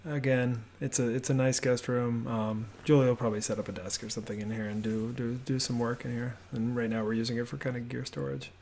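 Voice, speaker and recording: A man narrates a house-tour voiceover from his home office, talking at an ordinary, middle pitch. His delivery is relaxed and rambling, with plenty of fillers and restarts. A gravelly fry runs through the voice. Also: fairly quick, few pauses, slight background noise. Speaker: homebuilding vlogger.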